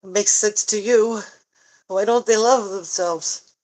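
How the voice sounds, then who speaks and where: A woman talking tearfully in a personal vlog, halting and sighing often, frank and swearing at times. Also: medium pitch, a little mellow, low-quality recording. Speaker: vlogger.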